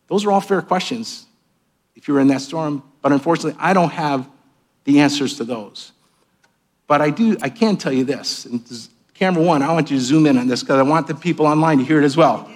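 A man preaching a sermon as a pastor in a church, swinging between raised, emphatic lines and hushed, quiet asides. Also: fairly high pitch, moderate pace. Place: church sanctuary with cameras.

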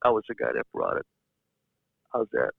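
Older man, interview guest, rambling anecdotes, gravelly, dry close sound. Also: extremely low pitch, huge pitch swings, moderate pace, no room sound. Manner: rambling storyteller who repeats words and uses many fillers. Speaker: interview guest, former baseball general manager. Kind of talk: casual anecdotal storytelling. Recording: slightly dull lo-fi sound.

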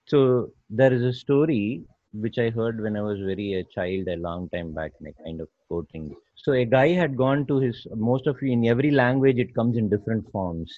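In an explanatory talk with storytelling, a male guest speaker walks through awareness step by step, driving points home by repetition and acting out quotes. He has a mid-range voice at a moderate pace with no echo, on a dull lo-fi recording with faint music.

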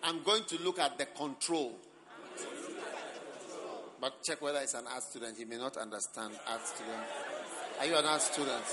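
A man with a Ghanaian accent, a bishop preaching to a camp gathering, teasing and joking with the congregation and breaking into shouts. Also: medium pitch, normal speed, long pauses. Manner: teasing, animated, bursts into shouts and laughter. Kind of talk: lively sermon with banter. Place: large church camp gathering. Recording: live crowd and noise behind.

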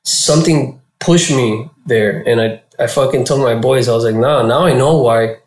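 A man from Florida, a guest in an interview, telling his story casually with heavy slang and swearing, and getting animated when he quotes people. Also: medium pitch, moderate pace. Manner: profane and slangy, animated when quoting others. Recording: roomy echo.

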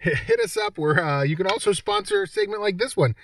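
A man's voice: high voice, expressive, quick pace, fairly bright tone, no echo, studio quality, recorded from a distance. A man hosting a game show segment on a sports podcast, joking and reading quiz questions aloud. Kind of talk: casual podcast banter.

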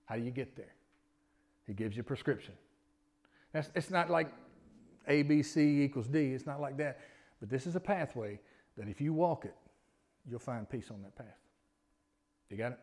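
A man's voice: medium pitch, expressive, normal speed, long pauses, darkish tone. A middle-aged man preaching a sermon in a folksy, conversational way, drawing responses from the congregation. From Alabama, US. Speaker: pastor.

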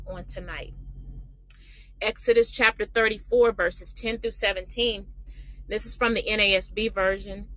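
A woman teaching a livestreamed Bible lesson, reading scripture slowly and then explaining it with emphatic repetition. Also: mid-range voice, sharp tone, slight background noise, poor audio.

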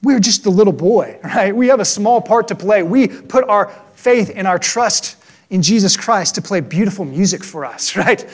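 A man preaching a sermon, earnest and conversational, often tagging "right?" onto his points and slowing to a hushed tone on solemn lines. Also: high voice, animated. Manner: drops to a hushed, slow delivery on solemn points. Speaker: pastor.

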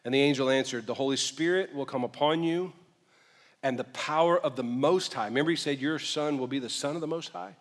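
A man preaching as a pastor in a church sanctuary, his fairly high voice trailing a long echo. He talks in a loose, joking way, swinging between soft asides and loud bursts of emphasis. He slows down when he reads scripture aloud. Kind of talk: sermon. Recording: long reverb of a large hall.

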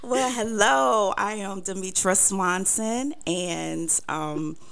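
A woman appearing as a guest on a family podcast, speaking softly and warmly with pauses. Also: mid-range voice, gravelly. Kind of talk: casual chat.

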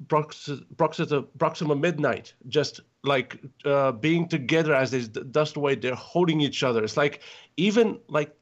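Gushing man on a lo-fi line. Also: on the high side. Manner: gushing, rambling with many fillers. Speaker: podcast panelist. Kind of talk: casual chat.

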